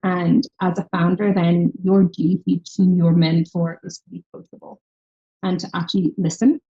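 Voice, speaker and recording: A woman from Ireland, a startup founder speaking as a guest in a conversational interview and telling her story in an animated way. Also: lowish voice, normal speed, slightly rough. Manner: animated storyteller who acts out quoted people. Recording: slightly dull lo-fi recording.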